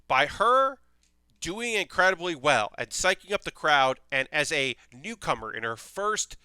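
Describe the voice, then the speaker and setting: A young man chatting casually on a livestream, recapping anime in an animated way and swearing freely. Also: fairly high pitch, measured pace, clear, resonant tone, dry recording. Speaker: streamer reviewing anime.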